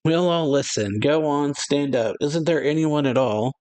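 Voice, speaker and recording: A man doing a cocky young vampire who taunts and sneers while reading a manga chapter aloud. The sound is dry and close. The pitch sits in a middle range. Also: animated, normal speed, no echo, natural voice. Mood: taunting.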